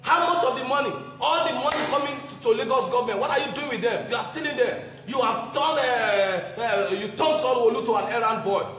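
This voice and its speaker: A man with a Nigerian English accent and a very high voice delivers a fiery, mocking political speech, chuckling through his jabs. The sound rings with a heavy, long echo, as if from a large hall. The recording is dull and muffled. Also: brisk, hardly any pauses, a bit bright, slight background noise. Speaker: political campaigner.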